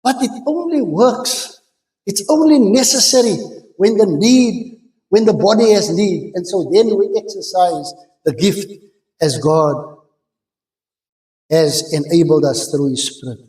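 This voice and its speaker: A man preaching a sermon at a church microphone, animated and emphatic, repeating phrases for effect. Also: sits high, a little slow, pauses often. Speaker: pastor. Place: church sanctuary. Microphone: stage microphone. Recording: echoey church room.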